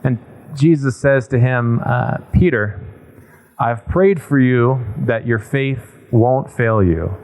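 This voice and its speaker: A man's voice: mid-range voice, takes it slowly, darkish tone. A man, a priest, giving a casual retreat talk, telling stories with fillers and acted-out dialogue.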